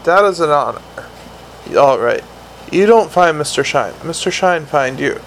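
A man voicing a huge, gruff troll sergeant who speaks slow, broken English. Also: a little high, animated, a little hiss or hum, low-quality recording. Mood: grudging. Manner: broken grammar, slow dragged-out words.

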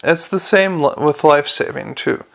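An earnest, patient young officer of the watch, played by a man reading the story works through his reasoning slowly and plainly. The voice is a little high with some gravel underneath. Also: fairly bright tone. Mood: explaining. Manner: earnest, careful explaining.

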